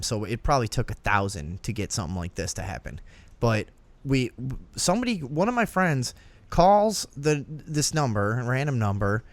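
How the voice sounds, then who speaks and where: A young man from the Downers Grove, Illinois area hosts a casual talk-show podcast, spinning a long anecdote packed with swearing and laughter while acting out the voices of its characters. His voice is mid-range, with no echo.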